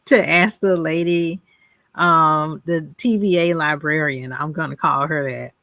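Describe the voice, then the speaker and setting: A woman's voice: low voice, takes it slowly, a bit bright, no room sound. A woman co-hosting a podcast, chatting casually about a show, laughing often and acting out quotes from it. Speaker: podcast co-host. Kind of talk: casual review chat.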